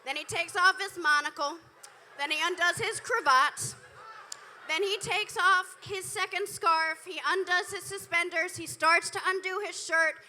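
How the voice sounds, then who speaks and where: This comedian's voice is very high, pushed and bright, a little slow, with a touch of hiss or hum in the recording. Performing live indoors at a comedy club with a handheld mic, she tells stories punctuated by dry, profane asides to the crowd.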